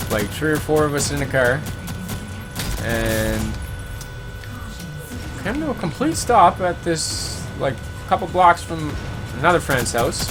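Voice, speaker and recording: A man hosting a gaming livestream, chatting casually and telling stories in a laid-back, chuckling way. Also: mid-range voice. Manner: laid-back, chuckling storyteller who slips into voices for quoted friends. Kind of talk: casual chat, storytelling between reading chat comments.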